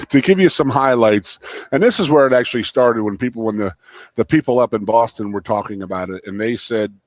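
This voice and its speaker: A man from the Philadelphia area, co-hosting a live talk show, telling stories in an animated way and laughing easily. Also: mid-range voice, brisk, no room sound. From Philadelphia area, USA. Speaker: co-host. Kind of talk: casual sports talk show chat. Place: restaurant.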